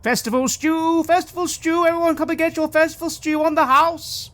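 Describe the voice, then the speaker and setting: Brief: a woman playing a male tavern crier, loud and high, calling out. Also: fairly even intonation, a little fast. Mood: cheery.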